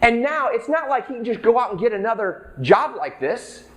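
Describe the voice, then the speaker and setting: High-voiced casual preaching man. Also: sing-song, normal speed. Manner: conversational, acts out the characters' lines. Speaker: pastor. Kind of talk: sermon.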